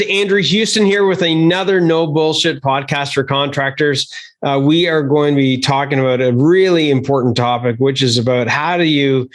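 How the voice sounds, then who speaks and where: A man with a Canadian accent hosting a contractor podcast, brash and hype-driven, swearing freely. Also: on the high side. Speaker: podcast host. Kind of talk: podcast interview, energetic promo.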